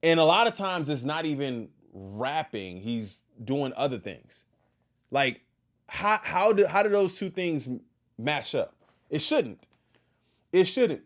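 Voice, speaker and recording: A man hosting a casual reaction stream, talking back to a video and shouting out his chat. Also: fairly high pitch, slow pace. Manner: animated, talks back to the video and thanks chat.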